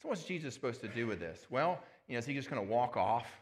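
A man's voice: mid-range voice, sing-song, fast, a little hiss or hum. A man preaching a sermon as pastor, conversational, with asides and rhetorical questions.

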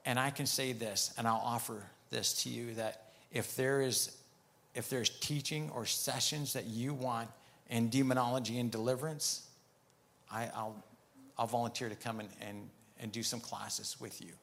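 A man's voice: medium pitch, fairly even intonation, moderate pace, creaky, fairly bright tone. A man preaching, telling a story from his week with many quoted exchanges. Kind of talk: sermon testimony.

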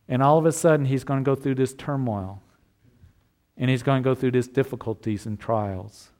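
A man's voice: mid-range voice, darkish tone. A man preaching a sermon as pastor, earnest and conversational, with occasional restarts.

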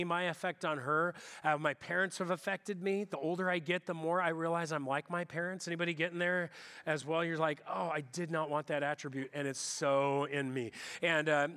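Middle-aged male pastor, bright high voice, relaxed church sermon, self-deprecating asides. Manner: chatty, self-deprecating, with frequent restarts. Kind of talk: conversational sermon. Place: church sanctuary.

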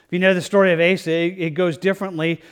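A man's voice: sits high, flat delivery, quick pace, smooth. A man pastor preaching a verse-by-verse sermon in an earnest, conversational way. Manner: conversational, earnest, with restarts and "like" asides.

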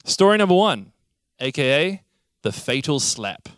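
A young man preaching a sermon, telling childhood stories in a lively, animated way. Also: fairly high pitch, unhurried, clean tone, dry recording, studio quality. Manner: animated storytelling, acts out childhood scenes. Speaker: pastor.

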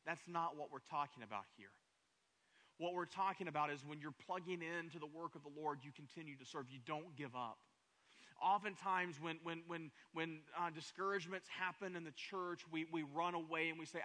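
Bright-voiced preacher man, fast and emphatic. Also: fairly high pitch. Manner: emphatic preacher, repeats words, builds to raised passionate runs. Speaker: pastor. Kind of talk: sermon.

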